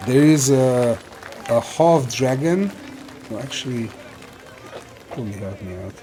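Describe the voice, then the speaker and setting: A man's voice: medium pitch, animated, slow pace, mellow, a faint crowd, a little hiss or hum. A man narrating a tabletop game as game master, describing scenes with frequent fillers.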